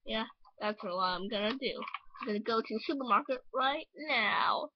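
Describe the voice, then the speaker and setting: A woman's voice: on the high side, moderate pace, muffled recording, background noise, close to an everyday voice. A woman voicing a cocky young male hedgehog hero in a fan dub, boastful and rambling. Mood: carefree.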